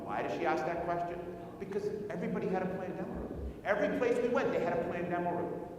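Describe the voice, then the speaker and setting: A man giving a keynote talk at a conference, telling a story and firing rhetorical questions at the audience. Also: quick pace. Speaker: conference speaker. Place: large conference hall. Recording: echoey hall recorded from far off, faint rumble.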